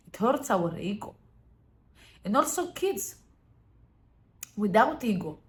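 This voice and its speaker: A woman's voice: mid-range voice, a bit bright. Woman vlogger, earnest and emphatic, motivational chat to camera.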